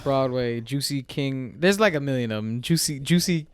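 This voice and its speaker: A man's voice: medium pitch, moderate pace, clean tone, no room sound. A man co-hosting a podcast, chatting in an easygoing, agreeable way. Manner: easygoing, agreeable, lots of "yeah". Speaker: podcast co-host. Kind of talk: casual chat.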